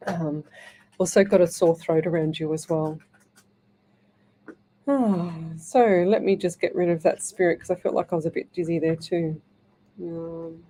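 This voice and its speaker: A chatty woman in middle age gives psychic readings live on air. Her voice is mellow and warm, and she loops back over her words while she talks. She calls her listeners lovey. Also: lowish voice. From Australia. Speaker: psychic medium radio host.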